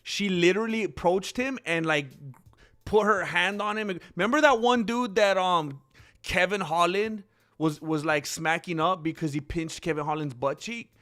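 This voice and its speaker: Man, channel host, higher bright voice, rambling stream chatter over faint music. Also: moderate pace. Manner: rambling, talks back to chat comments. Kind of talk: casual livestream chat.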